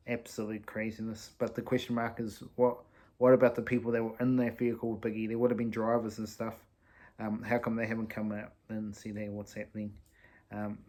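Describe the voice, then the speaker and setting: A man's voice: medium pitch, darkish tone. A man hosting a news commentary video, casual and joking. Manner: joking, offhand asides. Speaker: host of a commentary news channel.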